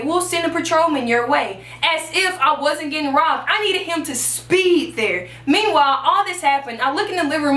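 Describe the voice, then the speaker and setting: Bright-voiced young woman telling a story. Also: sits high, far from the mic. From Texas. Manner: animated, acts out the quoted voices. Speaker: YouTuber. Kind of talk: storytime vlog. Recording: echoey room, mic a little off.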